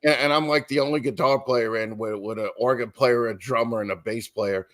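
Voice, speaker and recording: A man's voice: medium pitch, steady tone, brisk. A middle-aged man, a musician guest, chatting casually and telling rambling stories with many restarts. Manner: rambling storyteller, lots of restarts and acted quotes. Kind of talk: casual podcast chat.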